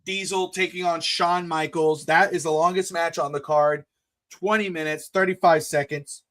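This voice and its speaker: Casual podcast co-host, man, high voice, blunt and excitable, big swings in loudness. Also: moderate pace. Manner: excitable, swings from mutters to near-shouting; profane, blunt opinions.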